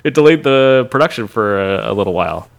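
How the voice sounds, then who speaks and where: A man's voice: medium pitch, lively intonation, a little fast, gravelly. Playful, teasing male podcast co-host. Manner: playful, teasing, laughs often, mock-announcer asides. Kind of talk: casual chat.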